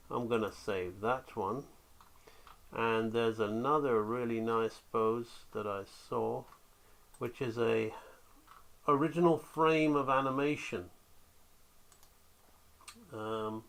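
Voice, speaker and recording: A man teaching animation drawing, talking along while he sketches, relaxed and checking in with "right?". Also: mid-range voice. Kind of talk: drawing tutorial, thinking aloud.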